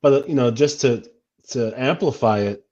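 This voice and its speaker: A man's voice: mid-range voice, normal speed, mellow. A man talking earnestly as a guest in a casual livestream chat, with many restarts. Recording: dull lo-fi audio.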